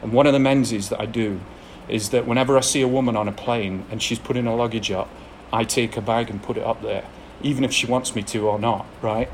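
A man with an English accent gives a candid personal testimony to an audience, mixing blunt confession with self-deprecating laughs. His voice sits at an ordinary middle pitch. A faint hiss of background noise runs under the recording. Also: fairly even intonation, fairly quick, hardly any pauses. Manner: frank, self-deprecating storytelling with frequent laughs. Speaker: speaker sharing a recovery story.

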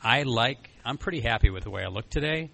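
A man's voice: medium pitch, animated, quick pace, vocal fry, bright, forceful tone. A man from Michigan talking candidly and rambling about his past habits, with fillers and restarts along the way. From Flint, Michigan. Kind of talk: casual personal talk.

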